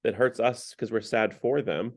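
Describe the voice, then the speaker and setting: A man's voice: on the low side, steady tone, moderate pace. Man casually leading a parish book talk. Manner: loose and conversational, heavy on "like" and restarts; retells a story, then draws faith lessons from it. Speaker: parish Lent discussion leader. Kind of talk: casual spoken book discussion.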